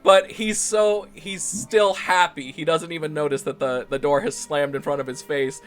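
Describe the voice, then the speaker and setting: Over soft background music, a man serves as game master for a tabletop game, narrating in a fairly high, fairly bright, steady voice at a moderate pace. He rambles, restarting often and laughing along the way.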